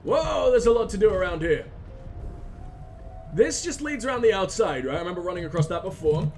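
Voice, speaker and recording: High-voiced guy doing a let's play, excitable, swears a lot, rambles. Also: fairly quick, faint music behind. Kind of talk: gameplay commentary.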